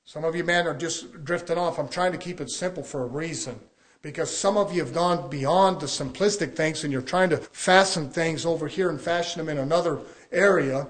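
A man preaching a sermon to a congregation, in a conversational style full of rhetorical questions and acted-out quotes. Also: fairly high pitch.

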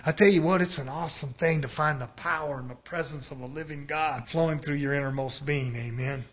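An older man preaching a sermon, swinging between shouted questions and quiet asides. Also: a little high, fairly quick.

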